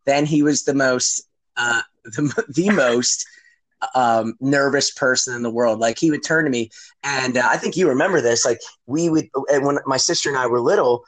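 A man's voice: mid-range voice, moderate pace, fairly bright tone, low-quality recording. A man hosting a podcast in casual chat, rambling and profane, with many fillers and restarts. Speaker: podcast host.

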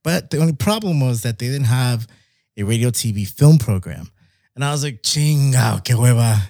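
A young man, telling stories in casual chat, animated, laughing often and dropping in Spanish words. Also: medium pitch, fairly quick, no room sound, studio quality. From Mexico.

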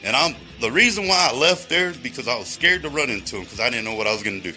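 A man rambles through a profanity-laden monologue, calling out to his listeners and wandering between tangents. His voice is bright and sharp at a middling pitch. Faint music plays behind him. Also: expressive, fast. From Texas. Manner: heavy swearing, rambling tangents, addresses listeners directly.

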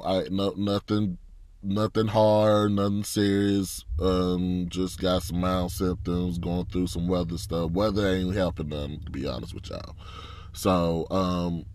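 A man's voice: low voice, a little mellow. A man hosting a casual sports talk podcast, sounding congested and fatigued, frank and frustrated. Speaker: podcast host.

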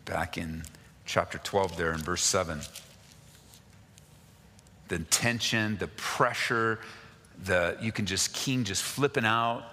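A man preaching a sermon, reading scripture aloud and speaking directly to the congregation, moving from raised, urgent pleas to low, quiet asides. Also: moderate pace. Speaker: pastor. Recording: long hall reverb.

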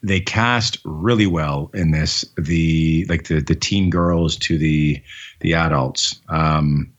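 A man's voice: extremely low pitch, takes it slowly, muffled recording. A man co-hosting a podcast, chatting casually and enthusiastically with plenty of fillers. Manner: rambling, enthusiastic, lots of fillers. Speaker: podcast co-host. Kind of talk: casual chat.

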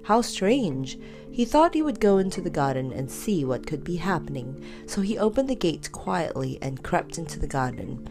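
A woman reading a children's story aloud in a lively, expressive way. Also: sits low, moderate pace, faint music behind.

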